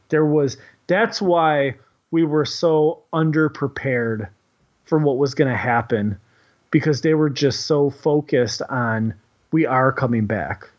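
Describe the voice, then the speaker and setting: A man who works as a kindergarten teacher, telling a story in casual, rambling chat, swearing freely and filling his talk with "like". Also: mid-range voice. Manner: rambling, profane, heavy on "like". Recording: dull lo-fi recording.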